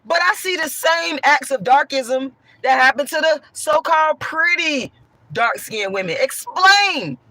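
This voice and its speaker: A woman with a hoarse voice, talking bluntly and profanely while answering chat on a livestream. She swings from a raised voice to soft talk. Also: high voice, measured pace, dry recording. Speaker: online commentator.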